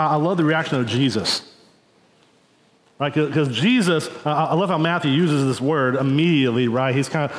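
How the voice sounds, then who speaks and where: A man giving a conversational sermon as preacher, telling stories informally and often checking in with the congregation with "right?" and "y'all.". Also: fairly high pitch. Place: church sanctuary. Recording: echoey church hall with long reverb.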